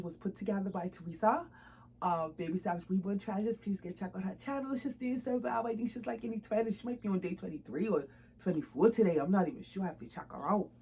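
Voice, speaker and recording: A woman's voice: medium pitch, dark tone, breathy edge, poor audio. A woman chatting casually to camera about her doll hobby, informal and laughing often. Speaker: doll collector vlogger.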